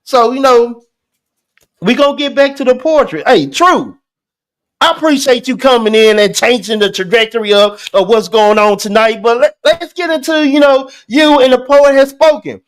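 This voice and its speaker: A man hosting a poetry show, talking in a casual, animated way with lots of restarts and slang. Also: extremely high pitch, moderate pace. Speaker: host. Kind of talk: casual chat.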